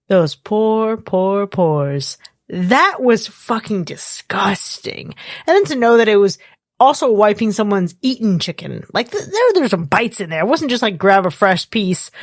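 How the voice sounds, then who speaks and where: Woman podcast cohost, swears a lot, gets grossed out loud, dead dry sound. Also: medium pitch, no room sound. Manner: animated, swears freely, exaggerated disgust. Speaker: podcast co-host. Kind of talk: casual movie review chat.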